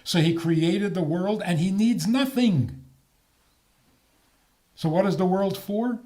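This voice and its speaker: Older male rabbi, unhurried and mellow, wry questions to the crowd. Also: high voice. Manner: animated, joking, rhetorical questions. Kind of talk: talk on faith.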